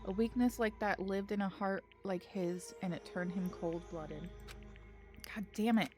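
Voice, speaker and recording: A woman's voice: mid-range voice, unhurried, darkish tone. A woman streamer reading game dialogue aloud, with dramatic delivery and emotional reactions. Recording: music under the voice. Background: game music.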